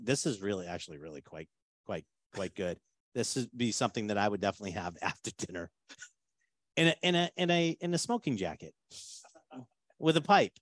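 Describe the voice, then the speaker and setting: Low-voiced man hosting a casual whiskey tasting. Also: no echo. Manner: chatty, joking, trailing off into quieter asides.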